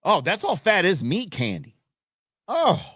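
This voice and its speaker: A man hosting a live stream show, ranting and joking in a casual, animated way. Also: high voice, unhurried, breathy edge, no echo, clean studio sound. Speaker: host. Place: Phoenix.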